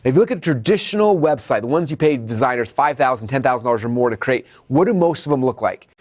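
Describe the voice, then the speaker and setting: A man teaching an online business course in an energetic, motivational style, speaking straight to the viewers and often checking in with "okay?". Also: mid-range voice, fast talker. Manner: addresses viewers as "you guys". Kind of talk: motivational video training.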